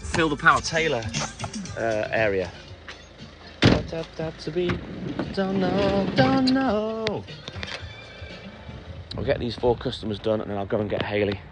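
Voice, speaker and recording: A man's voice: fairly high pitch, very animated, measured pace, long pauses, over music. Chatty middle-aged milkman live-streaming. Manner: chatty, greets viewers and answers comments between stops. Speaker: self-employed milkman livestreaming. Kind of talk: casual live-stream chat while working. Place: on a night milk delivery round.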